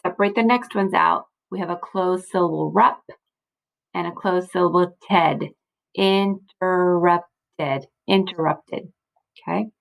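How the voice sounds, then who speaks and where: Patient teacher woman with gravelly voice. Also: on the low side, fairly bright tone, low-quality recording. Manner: patient, encouraging, frequent "okay?" and "right?" checks. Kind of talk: recorded slideshow lesson for kids. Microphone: computer mic, screen recording.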